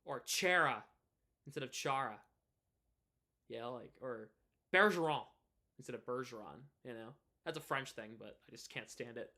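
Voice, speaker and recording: At normal speed and medium pitch, he keeps a steady tone that comes out pushed and bright. This twenty-year-old streamer and hockey podcaster from New England chats casually on stream, rambling through many restarts and fillers.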